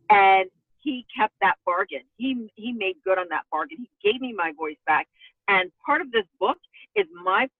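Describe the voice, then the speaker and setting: A middle-aged woman, a former news anchor, telling her own story as a guest in an emphatic, expressive way. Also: mid-range voice, no room sound. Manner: emphatic and expressive, voice rising with feeling. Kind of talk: personal storytelling in a podcast interview. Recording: tinny phone-line audio.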